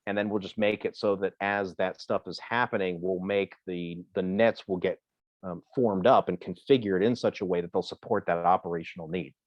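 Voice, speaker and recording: A man from Ohio answering questions as a presenter in a video call, talking in a halting way with many fillers and restarts. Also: deep voice, fairly even intonation, no echo, dull audio. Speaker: presenter on emergency communications. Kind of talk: Zoom Q&A answer.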